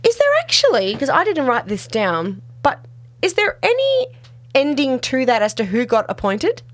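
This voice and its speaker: A woman's voice: sits high, moderate pace. A woman, co-hosting a podcast and retelling a TV episode in casual chat, giggling often and acting out the lines. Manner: giggly, animated retelling with acted quotes. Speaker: podcast co-host.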